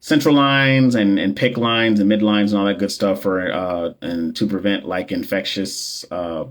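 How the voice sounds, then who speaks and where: A man's voice: lowish voice, fairly even intonation, unhurried. A man who works as a nurse and coach, chatting loosely with viewers on a phone livestream, full of slang, jokes and fillers. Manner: loose, slangy and joking, with many fillers and repeats. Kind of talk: casual livestream chat with viewers.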